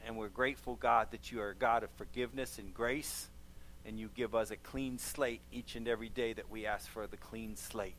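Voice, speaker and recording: A man's voice: fairly low pitch, fairly even intonation, normal speed, a bit bright, slight background noise. Pastor guy preaching hard then praying, repeats stuff for emphasis. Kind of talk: sermon and closing prayer.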